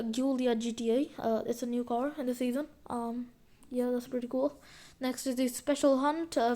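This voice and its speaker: A woman talks through a game update in a loose, rambling way, full of fillers and restarts. Her voice sits a bit high, with a mellow, soft tone. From India. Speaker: gaming video creator. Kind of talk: casual game update commentary.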